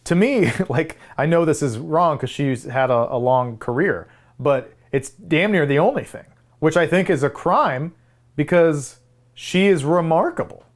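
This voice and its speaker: Male podcast co-host, enthusiastic and opinionated, quick to laugh, casual. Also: a little high. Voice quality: animated, laughing often. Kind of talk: casual movie review chat.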